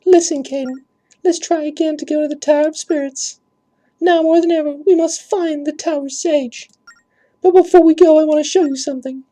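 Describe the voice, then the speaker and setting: A man voicing a gentle ghost princess, a young woman, in a very high airy falsetto, speaking earnestly and pleadingly. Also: fairly even intonation, moderate pace.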